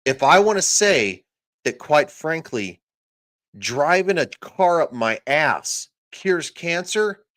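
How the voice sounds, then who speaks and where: A man hosting a podcast, loudly yelling and swearing through a political rant. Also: fairly high pitch, very animated, slow pace. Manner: loud, profane, yelling. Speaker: podcast host. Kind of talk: ranting political commentary.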